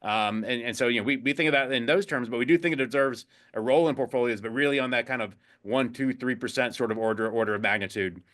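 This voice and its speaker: Brief: male finance guest, quick, bright and forceful tone, stumbles and restarts often. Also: medium pitch. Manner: halting, many restarts and fillers. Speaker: guest, chief investment officer. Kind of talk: casual interview talk.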